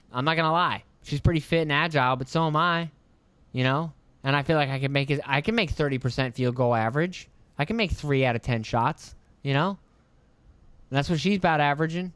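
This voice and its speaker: A young man hosts his own podcast in a loud, mocking solo rant, swearing freely and mimicking the people he talks about. His voice is smooth and clear, recorded close and dry with no room sound. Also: medium pitch, no echo. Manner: profane, mocking, heated rant with put-on voices. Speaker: podcast host. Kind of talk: ranting solo podcast commentary.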